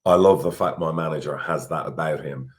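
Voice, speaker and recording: A deep-voiced Irish man in middle age, co-hosting a football podcast. He talks bluntly and candidly, swears freely and stumbles over repeated words when worked up. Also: brisk. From Ireland. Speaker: football club chairman, podcast co-host.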